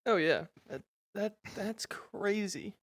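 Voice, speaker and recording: A man's voice: high voice, lively intonation, slow, dry recording. A laid-back man in casual podcast banter who laughs a lot and swears.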